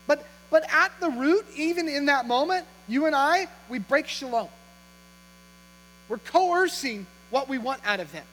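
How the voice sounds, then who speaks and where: A man's voice: extremely high pitch, lively intonation, moderate pace, a bit bright. A man preaching to his congregation, talking in a conversational, humorous way and teasing them with questions. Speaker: pastor. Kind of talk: sermon. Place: church auditorium. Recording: long hall reverb with faint mains hum.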